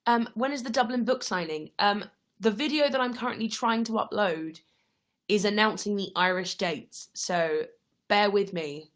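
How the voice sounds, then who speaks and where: A woman's voice: medium pitch, normal speed, a bit bright. A young woman hosting a casual livestream, answering viewer questions in a chatty, friendly way while tired and yawning. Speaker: livestream host.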